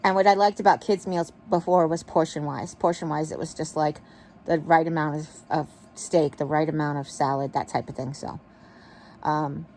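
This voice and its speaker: Casual woman vlogger, lower voice, rambling and warm toward her viewers, recorded in bed on an earbud mic. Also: steady tone, normal speed, a little hiss or hum. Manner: chatty, rambling, affectionate. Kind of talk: casual chat to camera. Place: bedroom, in bed. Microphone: wireless earbud mic.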